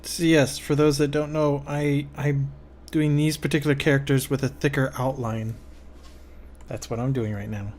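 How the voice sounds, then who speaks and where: A man's voice: medium pitch, level tone, normal speed, a little mellow. A man streaming as a cartoonist, chatting casually while he draws, joking and laughing often.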